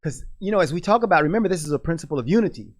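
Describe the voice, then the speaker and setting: A middle-aged man hosting a radio talk show, speaking earnestly and quickly with frequent restarts. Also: fairly high pitch, lively intonation. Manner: earnest, rapid, with many restarts. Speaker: radio host. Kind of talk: conversational discussion.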